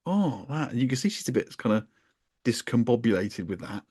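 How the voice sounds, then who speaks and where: Man, podcast co-host, casual storytelling, wry and self-mocking, mid-pitched, dry close mic. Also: very animated, moderate pace, darkish tone, slightly rough, dry recording. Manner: chatty, wry, self-mocking anecdote telling.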